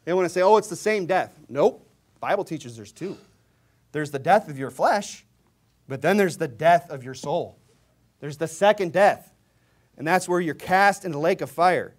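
Fiery preacher, loud scripture shouts. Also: male voice, high-pitched. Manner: rising to loud emphatic shouts when reading scripture; mocking, mimics opponents' views. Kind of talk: sermon.

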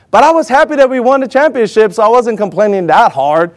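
A man telling a personal story to an audience in an animated way, acting out what other people said. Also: high-pitched, fast. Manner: animated, acts out other people's lines in raised voices. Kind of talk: personal anecdote told to an audience.

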